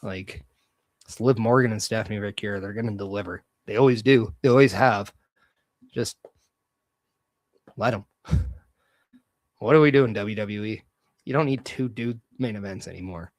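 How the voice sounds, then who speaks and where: A man's voice: on the low side, moderate pace, long pauses, dry recording. A man hosting a solo podcast, talking casually and with energy, giving strong opinions as he goes. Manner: energetic, opinionated, loose fantasy-booking talk. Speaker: podcast host.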